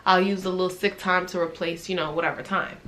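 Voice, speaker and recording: A woman's voice: on the low side, fast talker, a little hiss or hum. A young adult woman vlogging, casually telling a personal story and acting out the dialogue she quotes. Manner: animated retelling that acts out quoted dialogue; conversational, with frequent "I'm like" and "right?".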